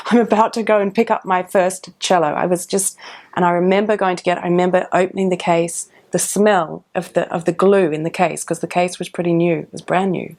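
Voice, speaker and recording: Woman fondly recalling her cello. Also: fairly low pitch. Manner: warm, animated, with frequent ums and restarts. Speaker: professional orchestral cellist. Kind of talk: reflective interview storytelling.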